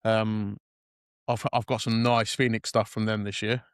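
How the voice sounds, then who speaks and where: A man co-hosting a casual podcast, telling stories in an animated way with lots of laughter. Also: lowish voice, unhurried, clear, resonant tone, no room sound, clean studio sound. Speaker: podcast co-host. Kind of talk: casual chat.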